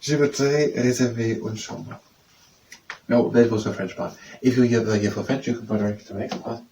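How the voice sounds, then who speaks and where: A man's voice: medium pitch, steady tone, vocal fry, mellow. Man practicing French phrases. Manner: slow, repetitive, trying out pronunciations. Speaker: language and exercise tutor. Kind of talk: practicing French phrases aloud, then leading exercises. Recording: distant mic with faint background noise.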